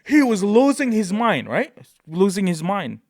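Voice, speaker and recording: A man from Tonga, a podcast guest, telling animated stories in a casual, excitable way with frequent "right?" asides. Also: high voice, a little slow. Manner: animated, excitable, peppers speech with "right?" and "bro". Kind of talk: casual storytelling.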